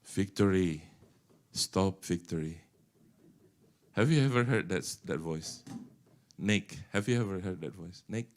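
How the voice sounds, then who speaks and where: A middle-aged man, an animated pastor preaching to a church and teasing the congregation. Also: low-pitched, a little slow, pauses often. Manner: animated, teasing the congregation, mixing English with Indonesian. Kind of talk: sermon.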